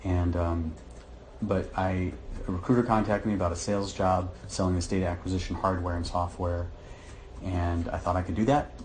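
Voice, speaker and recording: A middle-aged man, telling his story to a therapist in a rambling, halting way with many restarts. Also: deep voice, little pitch movement, a little mellow, slight background noise. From Michigan, USA. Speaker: client in therapy session. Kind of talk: candid personal account.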